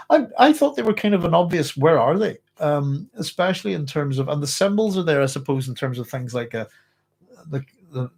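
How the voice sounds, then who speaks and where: A man's voice: mid-range voice, creaky. A middle-aged man with a Northern Irish accent, hosting a casual book club talk. He rambles, breaks off mid-sentence and chuckles often. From Northern Ireland.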